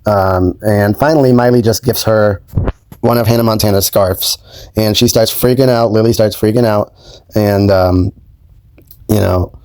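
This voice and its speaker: A young man talks in a low, mellow voice, easygoing and a bit halting, with lots of ums and you-knows. The sound is dry and close, with no room echo at all. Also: fairly even intonation, smooth. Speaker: YouTube host. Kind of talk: casual spoken recap.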